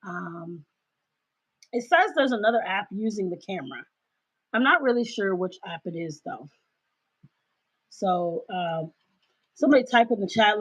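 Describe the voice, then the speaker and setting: A woman hosting a casual livestream, talking loudly and emphatically into her cell phone. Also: mid-range voice. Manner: loud, emphatic, ranting. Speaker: livestream host. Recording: dull cell-phone recording.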